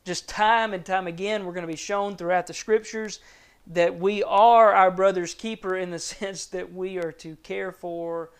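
A man preaching a sermon, reading and explaining scripture in a measured, earnest way that sinks to soft low tones on grave points. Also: fairly even intonation, smooth.

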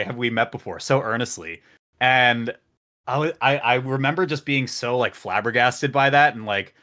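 A man appearing as a podcast guest, telling an anecdote in a jokey, animated way. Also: medium pitch. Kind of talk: casual storytelling.

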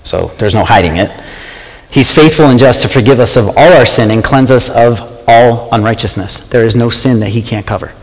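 A man's voice: medium pitch, normal speed. Passionate preacher man in echoing hall. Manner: passionate, animated, asks the audience questions. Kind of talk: sermon.

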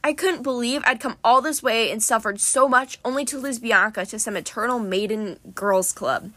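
A woman narrating a first-person novel in a steady storytelling read. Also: on the high side, normal speed, no echo. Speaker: audiobook narrator.

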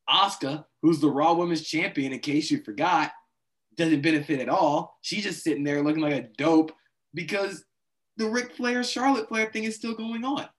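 A man's voice: fairly high pitch, a bit bright. Exasperated man ranting about wrestling. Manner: exasperated, acts out his reactions. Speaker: podcast co-host. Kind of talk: casual wrestling chat.

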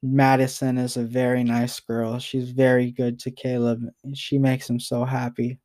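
A man's voice: mid-range voice, monotone, moderate pace, darkish tone. A young man talking straight to the camera in a personal vlog message. He rambles and halts, repeats himself, and sounds close to tears. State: emotional, near tears.

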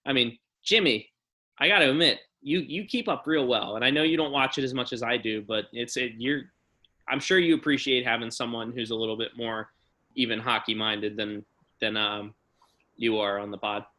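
A young man hosting a casual podcast, his voice bright and forceful. He rants openly and swears freely, stumbling and restarting as he fires off his opinions. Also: medium pitch, normal speed. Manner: ranting, profane, animated. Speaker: podcast host.

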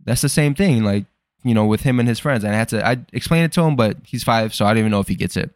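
A man's voice: lowish voice, fast talker, darkish tone, no room sound, clean studio sound. A young man hosting a podcast, rambling through a casual, profane and self-deprecating personal monologue. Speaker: podcast host.

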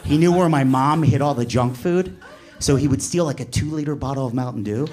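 A man in his forties doing a stand-up comedy set, telling a story in an animated way and shouting when he voices characters. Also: medium pitch, fairly quick. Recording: live club with audience laughter. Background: audience laughing.

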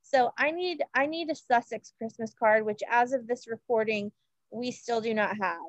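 Speaking at normal speed in a higher voice, a podcast co-host chats casually about royal news in a gushing manner, with plenty of fillers and restarts. The audio is muffled but has no echo.

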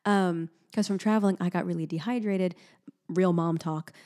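A young adult woman co-hosting a podcast in casual chat, talking in an animated way, laughing often and sounding sleep-deprived. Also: on the low side, normal speed. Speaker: podcast co-host.

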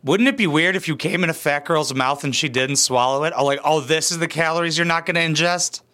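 Man, YouTuber, crude reaction commentary, sarcastic, forceful bright tone, slightly higher voice. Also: fairly quick. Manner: profane, sarcastic, blunt.

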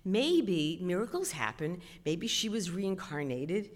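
A middle-aged woman telling a self-mocking story on stage, chatty and animated. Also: lowish voice, slow pace. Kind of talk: stand-up storytelling. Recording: long hall reverb.

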